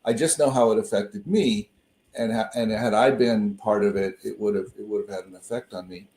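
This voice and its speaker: A man's voice: fairly low pitch, fairly quick, a little mellow, reverberant. A male minister co-hosting, telling stories in a loose, rambling way with many restarts over a video call. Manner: rambling, self-interrupting storyteller. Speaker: co-host and minister. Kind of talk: casual conversation on a call.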